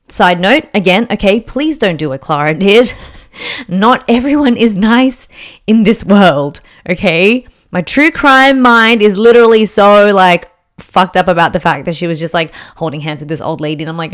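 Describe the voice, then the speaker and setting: A woman's voice: medium pitch, moderate pace. A young woman telling a story casually, chatty and full of fillers and jokey asides.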